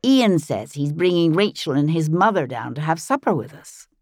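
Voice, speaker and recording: A woman's voice: low-pitched, sing-song, moderate pace, darkish tone, no echo, studio quality. A woman reading an audiobook, voicing a curious, tentative young woman, the sympathetic daughter of the hero. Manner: tentative, questioning. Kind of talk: audiobook narration.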